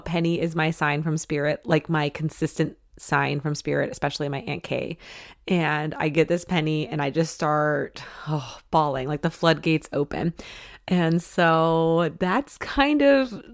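A woman's voice: on the low side, no room sound, studio quality. A woman hosting a podcast, telling a personal story in a chatty, emotional way with lots of "like" and "you know.". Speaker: podcast host. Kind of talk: casual storytelling.

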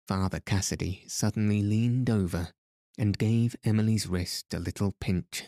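A man narrating a novel calmly and soothingly as a bedtime story for sleep. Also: low-pitched, dry recording, studio quality. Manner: soft, soothing, unhurried. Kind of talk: calm audiobook reading for sleep.

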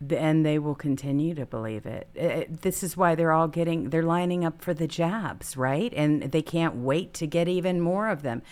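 A woman's voice: sits low, normal speed, hardly any pauses, darkish tone. A woman hosting a talk show, agreeing emphatically with her co-host. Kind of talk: casual talk-show banter.

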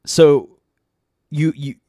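A man's voice: on the high side, level tone, extremely slow, warm tone, dry recording, studio quality. A man co-hosting a casual chat, ranting with heat, swearing a lot and restarting his sentences. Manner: rambling, heated, swears a lot, many restarts.

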